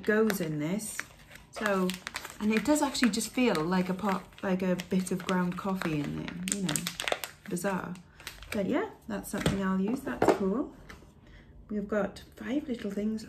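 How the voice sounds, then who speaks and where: A woman's voice: mid-range voice, background noise. A woman chatting casually as she unboxes beauty products, reading labels aloud with fillers along the way. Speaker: beauty vlogger.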